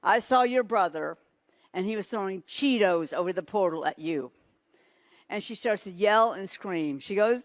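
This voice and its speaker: Woman preacher, sermon, storytelling, animated, medium pitch, dry close sound. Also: a little slow, dry recording.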